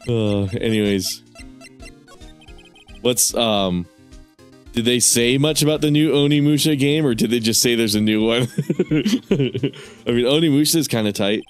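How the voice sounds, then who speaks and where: A man's voice: mid-range voice, normal speed, faint music behind. A man streaming a game, rambling casually, swearing and laughing often. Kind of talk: casual gaming stream commentary.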